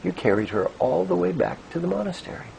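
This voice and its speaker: A man's voice: on the high side, fast talker, vocal fry, a little hiss or hum, pitched above the performer's own voice, heavily acted, rough recording. A man doing a shrugging, easygoing monk. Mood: unbothered. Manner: relaxed, shrugging. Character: easygoing, unbothered male monk.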